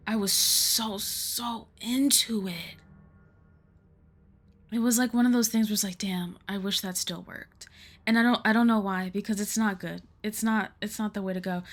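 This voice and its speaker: A woman's voice: medium pitch, fairly even intonation, normal speed. Young woman, rambling let's-play talker, swears a lot, mid-range voice. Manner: rambling, chatty, swears freely. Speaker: streamer playing a game. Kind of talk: casual let's-play commentary.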